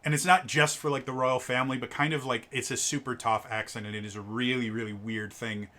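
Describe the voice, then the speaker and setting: A man's voice: medium pitch, little pitch movement, fairly quick, pushed and bright. An American man reviewing a tabletop game in casual, rambling commentary, full of fillers and stammered restarts. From United States.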